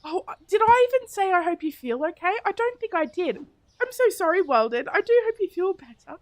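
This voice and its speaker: A chatty woman streams a game, talking straight to her viewers and giggling as she goes. Her voice sits high and lively. The sound is close and dry, with no room behind it. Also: a little fast, no echo. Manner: chatty and giggly, talks to viewers while thinking aloud. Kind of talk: casual live-stream chat while playing.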